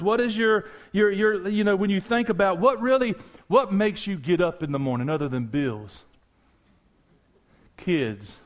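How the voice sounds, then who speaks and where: With a high-pitched voice, this male pastor preaches to his congregation in a lively, chatty way, addressing them directly and tossing in jokes and side remarks.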